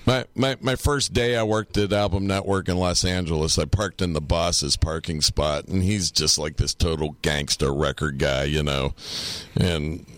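A man's voice: sits low, steady tone, moderate pace, a bit bright, dry recording. A middle-aged man co-hosting a podcast, telling rambling, profane stories and laughing through them. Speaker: podcast co-host. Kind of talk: casual storytelling chat.

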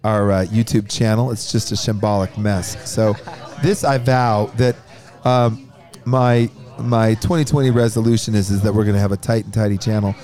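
A man's voice: fairly low pitch, level tone, normal speed, few pauses, a little mellow, faint music behind. A man co-hosting a casual backstage podcast with his bandmates, rambling with lots of fillers and restarts. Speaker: band member and podcast co-host.

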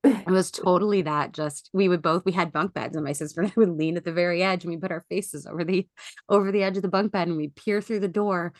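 A woman co-hosting a casual podcast chat, telling stories with frequent laughter. Her voice sits on the lower side and is recorded dry and close, with almost no room sound. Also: steady tone, quick pace, no room sound. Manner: chatty, laughs often while telling a story. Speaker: podcast co-host.

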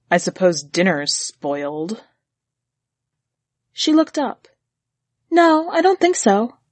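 A woman reading a story aloud in a measured, even manner. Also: medium pitch, husky, no echo. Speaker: narrator. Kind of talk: scripted story narration.

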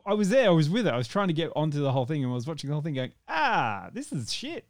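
A man hosting a podcast in casual chat, ranting with animated swearing and laughs. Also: fairly high pitch, rapid-fire, no echo, studio quality. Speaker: podcast host.

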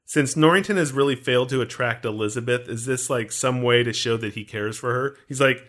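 A man's voice: medium pitch, brisk, hardly any pauses, fairly bright tone. A man co-hosting a podcast, talking casually and playfully about a film, with rhetorical questions. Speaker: podcast co-host.

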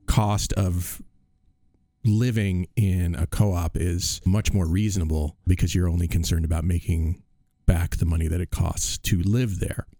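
A man's voice: low voice, steady tone, unhurried, mellow, no echo. A man hosting a casual interview, curious and musing, laughing often. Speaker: host.

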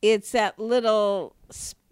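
A woman co-hosting a podcast, telling stories in a lively, emphatic way with sudden rises in her voice. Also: slow pace, clear, resonant tone, no room sound. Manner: animated storyteller, emphatic rises in pitch. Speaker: podcast co-host. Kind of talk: casual podcast conversation.

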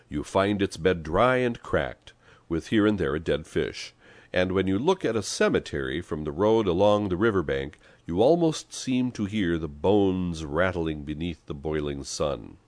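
A man reading a story aloud as an audiobook narrator, expressive storytelling. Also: low-pitched, no echo. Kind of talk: scripted narration.

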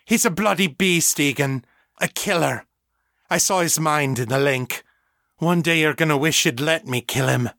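A man's voice: a little high, normal speed, creaky, a bit bright, dry recording, clean studio sound, pitched above the performer's own voice. A man voicing a fierce, defiant grown woman, a mother, growling with scorn, in an audiobook. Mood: scornful.

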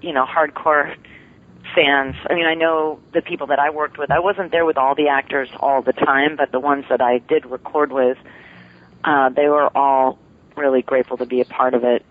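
A woman's voice: rumbling low, fairly even intonation, normal speed. A woman voice actress, a guest on an interview show, chatting casually with lots of laughter and self-deprecating humor. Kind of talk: casual podcast interview chat. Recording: tinny phone line, dry.

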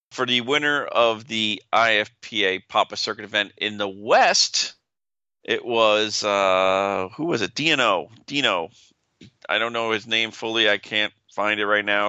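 A man co-hosting a casual podcast chat from a room at home, giving short, deadpan replies. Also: lowish voice, smooth, no room sound, muffled recording. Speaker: podcast co-host.

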